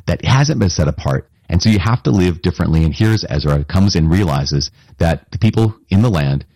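A deep-voiced man preaching a homily in an easy, conversational way. His voice has a husky edge and sounds dry and close. He speaks earnestly and often turns to his listeners with asides. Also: mellow, no echo. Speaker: priest. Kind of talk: sermon.

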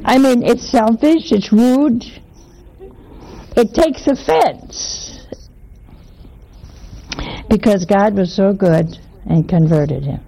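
A woman's voice: mid-range voice, slow pace, vocal fry, long pauses, dark tone, a little hiss or hum, low-quality recording. A woman giving a religious teaching, telling homely stories and asking her listeners rhetorical questions.

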